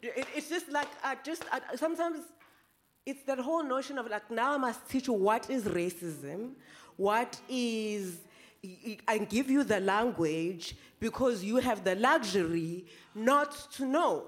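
A woman panelist with a high voice speaks in a reflective, halting way. Her tone is often soft, and she restarts her thoughts as she goes. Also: expressive. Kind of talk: panel discussion.

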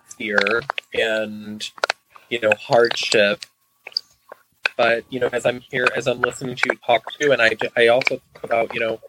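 A man therapist thinking out loud on a podcast, halting and reflective, filling gaps with fillers. Loud steady noise runs under his voice. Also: medium pitch. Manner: thoughtful, halting, lots of fillers.

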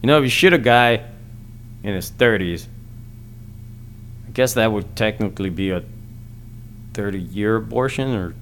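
A man's voice: on the low side, measured pace, long pauses, fairly bright tone, a little hiss or hum. A man hosting a solo podcast, ranting crudely and rambling with frequent stammered restarts. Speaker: podcast host. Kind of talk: solo comedic podcast rant.

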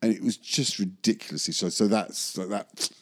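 A man's voice: on the low side, normal speed. A man, a magician, telling a rambling anecdote in an interview, often correcting himself and chuckling. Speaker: magician recalling film work.

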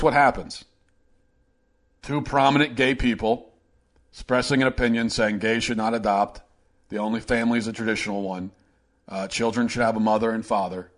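A man hosting a political opinion show, delivering a sarcastic, animated monologue. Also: medium pitch. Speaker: podcast host.

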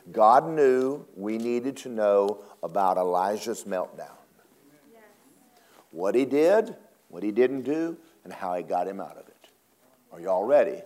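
Preaching a sermon, a man uses a very animated voice that ranges widely in pitch. He sinks into low murmurs before leaping up into high, dramatic cries.

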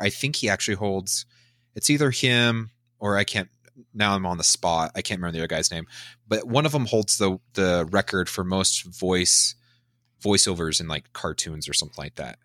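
A man hosts a casual podcast in an enthusiastic, chatty way. His voice sits low but sounds bright and forceful. The sound is dry and close. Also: moderate pace, dry recording. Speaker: podcast host.

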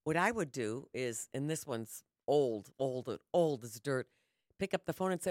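A woman's voice: rumbling low, unhurried, dry recording, clean studio sound. An older woman co-hosting a casual talk show, telling stories and acting out quoted lines. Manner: storytelling, animated, acts out quotes. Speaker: co-host. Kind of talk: casual chat.

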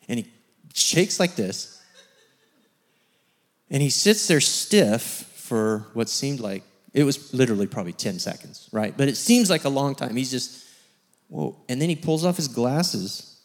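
A male guest preacher tells a story from the pulpit, acting out each voice in it. His pitch sits in the middle, with a very lively melody that swings high and low. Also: unhurried, long pauses. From rural background. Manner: animated, acts out voices in his stories. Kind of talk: sermon storytelling.

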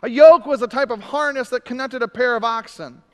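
A man preaches in a high, smooth, resonant voice, swinging from emphatic declarations down to hushed, intimate asides. He drops in humorous self-deprecating lines between points. His words ring out with the long reverb of a church sanctuary. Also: fairly quick. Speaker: pastor. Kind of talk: sermon.

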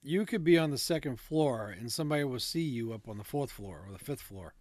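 A man's voice: mid-range voice, animated, fairly quick, darkish tone, no room sound. A man co-hosting a casual chat, reading out ghost stories from notes in a laid-back way, with fillers and asides. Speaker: podcast co-host.

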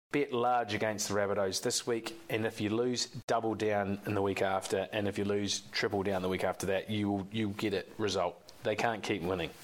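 An Australian man co-hosting a sports podcast, chatting casually and opinionated, rambling and swearing now and then. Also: on the low side. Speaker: podcast co-host.

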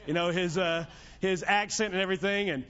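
A man with a notably high voice preaches an evening sermon, chatty and fond of jokes. He retells the story in his own easygoing words. The recording is dull and lo-fi, as if taped in a church. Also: steady tone, a little fast, sharp tone. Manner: conversational, joking storyteller.

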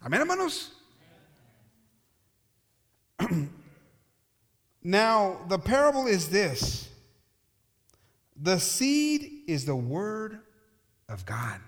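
A man preaching a bilingual sermon who switches between English and Spanish, calls out to the congregation and reads scripture slowly with emphatic repetition. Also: high-pitched, wildly swooping pitch. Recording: long hall reverb.

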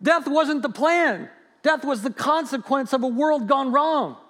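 A man preaching a sermon in an earnest way, swinging from loud stresses to hushed lines. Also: extremely high pitch, expressive, unhurried. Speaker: pastor.

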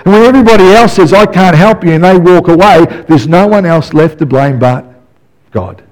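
A middle-aged man, a pastor, preaching a sermon in an animated way, dropping soft and then rising to yells as he acts out stories. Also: high voice, normal speed, low-quality recording.

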